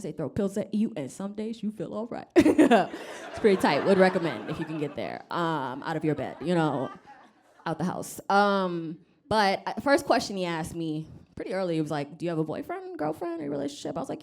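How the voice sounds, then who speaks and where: A woman's voice: on the low side, slight background noise. A woman from Rwanda doing a stand-up comedy set on stage, wry and self-deprecating, acting out other people's voices. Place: comedy club stage with live audience.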